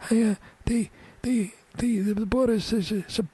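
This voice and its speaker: A man doing an impression of a meek, soft-spoken older male politician, with a thin, quiet voice that stumbles over repeated words and fillers. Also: high-pitched, steady tone, normal speed, slightly rough, no echo, pitched above the performer's own voice. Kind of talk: radio impression.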